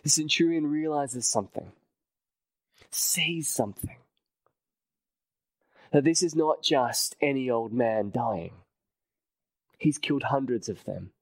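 A male preacher delivers a sermon at a slow, deliberate pace, leaning on repetition and sinking to a near-hush for emphasis. His voice sits at an ordinary middle pitch and is recorded dry and close, with no room sound. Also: no echo, poor audio.

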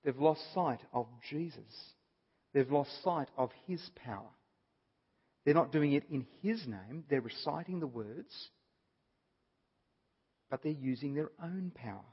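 A man speaking in a slightly raised, breathy voice walks his listeners through a Bible passage. He is earnest and drives points home by restating them. The recording is dull and muffled, and his voice trails off into a long hall reverb. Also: fairly high pitch, lively intonation, unhurried, pauses often. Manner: earnest, explaining with repeated emphasis. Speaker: Bible teacher. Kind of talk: Bible study talk.

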